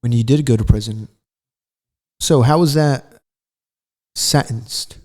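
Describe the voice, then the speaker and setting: A man's voice: medium pitch, slow, a little mellow. A man hosting a casual interview, prompting his guest with short questions and reactions. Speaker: interview host.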